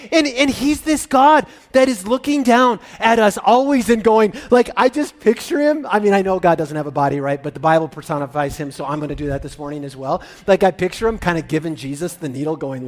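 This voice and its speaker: A man preaching a sermon, animated, swinging from loud exclamations to soft, almost whispered lines. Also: on the high side, a little fast. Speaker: pastor.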